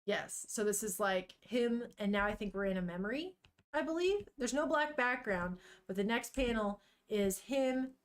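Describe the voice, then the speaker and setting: Animated, swearing woman streamer. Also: a little high, normal speed. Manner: animated, swears freely, thinks aloud. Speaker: streamer reading manga. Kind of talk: casual chat.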